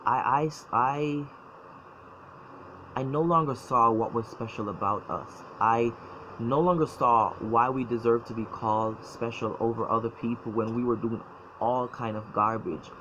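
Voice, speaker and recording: Halting, emotional man, lo-fi recording. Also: mid-range voice, fairly even intonation, fairly bright tone. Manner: halting, repeats words, emotional. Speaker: former church member telling his story. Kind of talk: personal testimony. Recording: dull lo-fi sound, faint noise.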